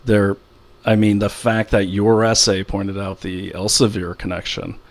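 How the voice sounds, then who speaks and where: A man's voice: lowish voice, little pitch movement, unhurried. A middle-aged man in casual conversation as a guest, rambling through stories with frequent restarts. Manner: rambling, anecdotal, many restarts.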